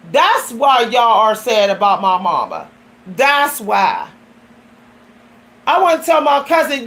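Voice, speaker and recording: A woman's voice: on the high side, very animated, takes it slowly, long pauses, fairly bright tone. A woman vlogger giving a blunt, emphatic personal monologue that often turns preachy.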